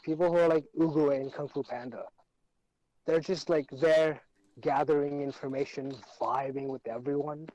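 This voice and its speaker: A young man co-hosting a casual podcast, trading quick jokes and banter. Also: a little high, fairly even intonation, dark tone, highs cut off. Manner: joking banter, quick quips. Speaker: podcast co-host.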